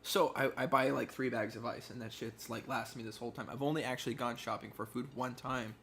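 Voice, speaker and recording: A young man co-hosting a podcast, chatting casually at home and telling stories with slang and animated quoting. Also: medium pitch, fairly quick, a little hiss or hum. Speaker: podcast co-host. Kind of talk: casual chat. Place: apartment.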